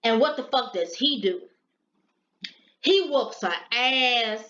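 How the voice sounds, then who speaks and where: Middle-aged woman ranting slow and blunt, high voice, kinda dull lo-fi sound. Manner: blunt and profane, animated retelling. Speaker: vlogger giving advice to sex workers. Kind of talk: casual storytelling commentary. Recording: echoey room, dull lo-fi sound.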